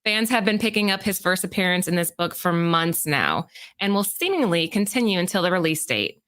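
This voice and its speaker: A woman co-hosting a comic book podcast, reading prepared market rundowns in a steady, informative way and chatting casually. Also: lowish voice, brisk. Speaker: podcast co-host.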